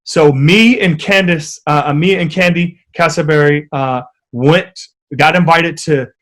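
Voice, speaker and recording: A man with a slightly high voice tells stories as a guest in a casual podcast interview. His delivery is animated and vivid. He comes from the United States. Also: measured pace.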